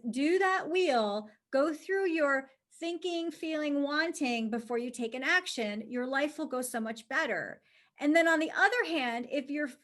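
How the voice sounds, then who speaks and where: High-pitched woman leading a live online class, chatty coach, keeps checking the audience is with her. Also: a bit bright. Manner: chatty and conversational, with frequent "right?" check-ins. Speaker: leadership coach and webinar presenter. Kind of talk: live webinar teaching. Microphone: camera mic facing the presenter.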